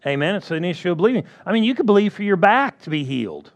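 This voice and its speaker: A man's voice: sits high, very animated, fast talker. A man preaching a sermon who repeats his key phrases and keeps asking the congregation for agreement.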